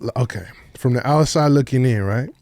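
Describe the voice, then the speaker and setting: A man's voice: medium pitch, a little fast, darkish tone, no echo, studio quality. A man with a Bay Area accent hosting a podcast interview in a laid-back, casual way, swearing freely. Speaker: podcast host.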